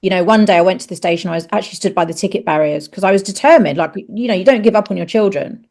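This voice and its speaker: A woman's voice: medium pitch, racing, darkish tone. A middle-aged woman and actress, a podcast guest who candidly tells a personal story, frankly swearing and acting out the dialogue in raised voices.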